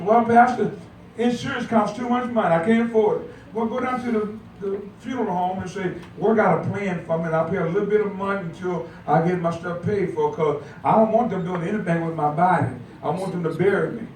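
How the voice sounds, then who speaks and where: An older man preaches in a folksy, joking way, leaning on call-and-response with his flock. His voice sits high for a man, and it sounds like it was picked up from well back in a very echoey church sanctuary. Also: a little hiss or hum. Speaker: pastor. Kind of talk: sermon. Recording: echoey church heard from far off.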